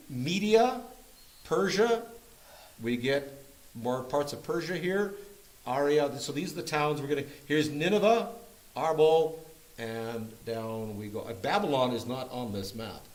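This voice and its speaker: A man's voice: fairly high pitch, low-quality recording. A man leading a Bible study group, teaching from a map in a playful, joking way. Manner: jokey and playful, often laughing. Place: church meeting room.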